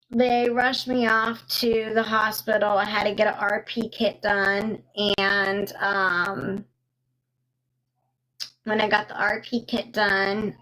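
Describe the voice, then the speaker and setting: A young woman telling a personal story on a live stream, slow and halting with many pauses and fillers, stopping now and then to thank viewers. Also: medium pitch, pushed and bright, poor audio.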